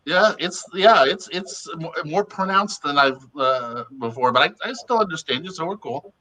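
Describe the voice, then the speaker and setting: Older male guest, bright high voice, jokey and rambling. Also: moderate pace. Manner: animated, joking, stumbling restarts. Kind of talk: casual chat.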